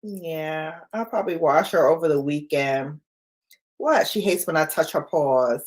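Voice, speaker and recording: A woman's voice: deep voice, unhurried. A middle-aged woman hosting a casual livestream, chatty, laughing often and answering viewer comments. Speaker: livestream host.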